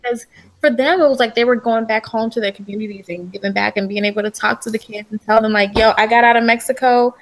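A woman's voice: medium pitch, fairly even intonation, fast. A young adult woman from the United States, chatting expressively as the interviewee in a casual interview.

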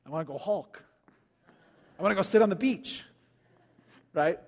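A man preaching a sermon as pastor in a church, animated and joking with the congregation, now and then acting out quoted voices. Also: sits high, moderate pace. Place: church auditorium. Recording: long hall reverb.

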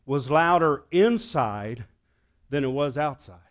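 A man preaches to his congregation, telling a story with a slightly high voice. He drops to a near whisper, then climbs to loud, excited peaks. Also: slow pace. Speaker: pastor. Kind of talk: sermon. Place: church sanctuary.

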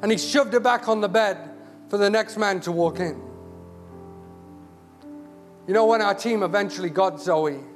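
Hall reverb and music surround this man, a charity CEO preaching as a guest, whose high-sitting voice moves at a moderate pace with frequent pauses. His sermon is impassioned, building through repeated words.

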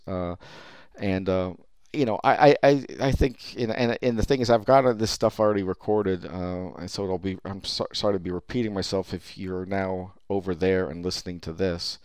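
Low, smooth-voiced man ranting on a podcast. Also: steady tone, normal speed, darkish tone, no room sound, studio quality. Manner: ranting, profane, full of fillers and restarts. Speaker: podcast host. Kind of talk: rambling podcast monologue.

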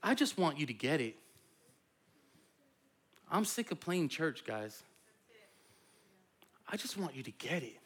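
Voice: mid-range voice, sing-song, takes it slowly, long pauses, a bit bright, husky. A pastor and parent preaching a sermon in a conversational, playful way. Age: adult parent.

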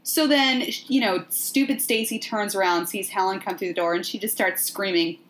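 Brief: woman podcast host, middle-pitched, sardonic and profane, lively recap storyteller. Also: normal speed. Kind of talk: casual movie recap chat.

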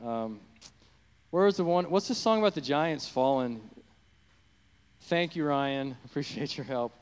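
A man preaching an improvised sermon into a handheld mic in a church, rambling and growing fervent and loud. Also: fairly high pitch, expressive, unhurried, clean tone, in a large hall. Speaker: pastor. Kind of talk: unscripted sermon. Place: church sanctuary. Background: worship music.

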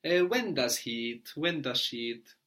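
A man's voice: fairly high pitch, lively intonation, unhurried, a bit bright. Patient male language teacher. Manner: patient, prompting, spells words letter by letter; often ends with a checking "no?". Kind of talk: guided language lesson.

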